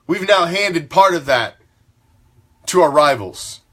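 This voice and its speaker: A man's voice: a little high, lively intonation, takes it slowly, fairly bright tone. A man hosting a fan sports talk show, ranting with a profane, fired-up and emphatic delivery. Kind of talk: fan sports commentary rant.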